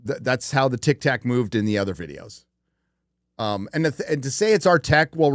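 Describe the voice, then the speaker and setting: A man's voice: mid-range voice, no echo, studio quality. A man hosting a casual live-stream chat, rambling and profane, with lots of fillers and restarts. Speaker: podcast host.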